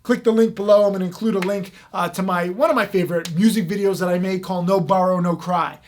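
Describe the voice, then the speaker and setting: A man talking straight to the camera as a trading educator, speaking in a fast, emphatic way with plenty of fillers. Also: high-pitched, fairly even intonation, a little mellow, a little hiss or hum. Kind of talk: direct-to-camera talk.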